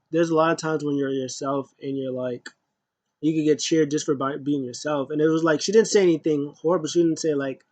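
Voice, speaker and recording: A man's voice: a little mellow, low-quality recording. A man casually recapping a wrestling show, rambling with lots of fillers and restarts. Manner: rambling, many fillers and restarts, acts out quotes in a high voice.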